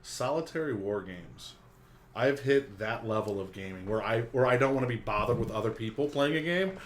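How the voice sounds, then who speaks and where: A man's voice: medium pitch, animated, normal speed, a little hiss or hum. A man co-hosting a casual gaming chat, making dry joking asides. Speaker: co-host.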